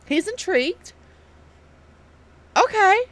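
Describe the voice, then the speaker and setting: Excitable woman playing a dating game. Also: very high voice, slow pace. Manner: animated, excitable, laughing reactions. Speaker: let's player. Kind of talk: reading a dating game aloud.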